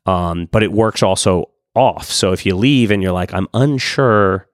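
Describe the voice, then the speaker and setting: A man co-hosting a podcast, chatting casually in a relaxed, rambling way with restarts and frank asides. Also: low voice, normal speed, no room sound, clean studio sound. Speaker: podcast co-host. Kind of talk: casual chat.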